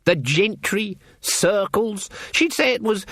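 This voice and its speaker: A man voicing a stern old female witch who speaks in a slow, icy, sarcastic way. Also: high-pitched, animated, fairly bright tone, slightly rough, no room sound, studio quality, pitched above the performer's own voice, full character voice.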